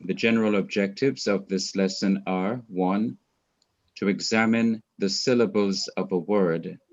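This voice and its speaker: A man with a Jamaican accent teaching a class, going through his points slowly and one by one. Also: fairly low pitch, highs cut off. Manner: slow, methodical, lists points one by one. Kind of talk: recorded class lecture.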